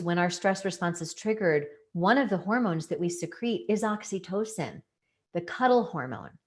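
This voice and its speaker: A woman giving an educational talk, explaining things earnestly and leaning on key words for emphasis. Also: fairly low pitch. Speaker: presenter.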